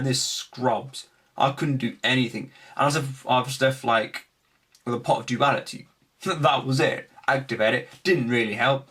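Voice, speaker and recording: A young man casually recapping his card game tournament, animated, acting out his opponents' remarks. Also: medium pitch, breathy edge. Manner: animated storytelling, acts out opponents' lines.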